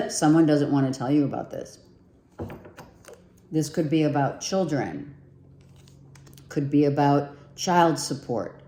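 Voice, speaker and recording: A woman's voice: low voice, takes it slowly, long pauses, dark tone, reverberant, slight background noise. A woman giving a casual tarot reading to her viewers, chatty and repetitive, thinking aloud as she pulls cards, her voice nearly giving out. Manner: chatty, repeats herself, thinks aloud while pulling cards. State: losing her voice. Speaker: tarot reader.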